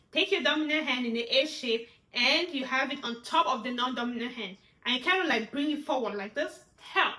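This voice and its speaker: A woman's voice: high voice, sharp tone, roomy sound. A woman teaching sign language vocabulary, naming each sign twice and walking through the hand shapes with frequent "yeah?" and "right?" check-ins. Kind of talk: demonstrating signs in a tutorial.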